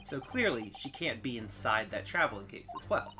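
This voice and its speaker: A man's voice: medium pitch, sing-song, normal speed, few pauses. A man reading and commenting on a story game, with wry, self-deprecating asides. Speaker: let's play host.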